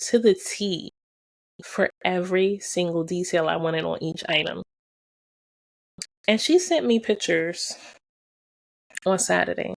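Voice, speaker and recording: Gravelly, low-voiced woman vlogging. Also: no room sound. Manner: emphatic, repeats phrases for stress; slangy and direct, addresses viewers. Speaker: vlogger and fashion brand founder. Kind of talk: candid personal vlog storytelling.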